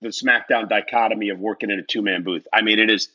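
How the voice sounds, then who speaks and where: A man telling a lively, self-mocking story as a guest in a casual interview, acting out the voices of the people in it. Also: on the low side, quick pace, husky, dull audio.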